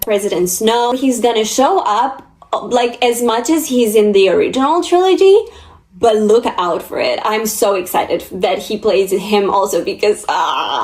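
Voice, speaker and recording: A woman's voice: medium pitch, darkish tone, a little hiss or hum. Young woman book vlogger, emotional and gushy, casual chat. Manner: gushing, emotional, chatty.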